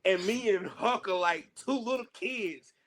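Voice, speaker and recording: Southern man, young, podcast guest, lively yarn-spinner, slightly high voice. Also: measured pace. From Southern United States. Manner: animated, laughing storyteller with quoted voices. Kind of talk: casual storytelling.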